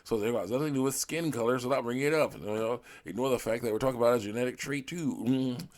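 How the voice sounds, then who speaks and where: A man's voice: medium pitch, quick pace, a little mellow. A man hosting his own channel, reading viewer comments aloud and answering them in a rambling way, with many "mm" fillers and short laughs.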